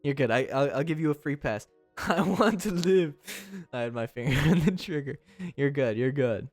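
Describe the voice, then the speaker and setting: A young man streaming and chatting casually with his live chat, teasing and often breaking into high, squealing laughs. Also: lively intonation, moderate pace, no echo, soft background music.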